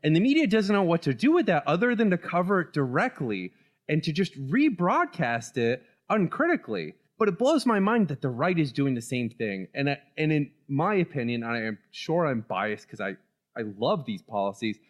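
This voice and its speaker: A man's voice: fairly high pitch, big pitch swings, normal speed. A man co-hosting a casual political podcast, talking animatedly and laughing often. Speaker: podcast co-host.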